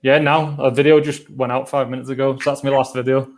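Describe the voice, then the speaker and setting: A man's voice: medium pitch, level tone, fast. A man with a mid-range voice joins a casual chat over a video call. He rambles through anecdotes as a guest travel vlogger.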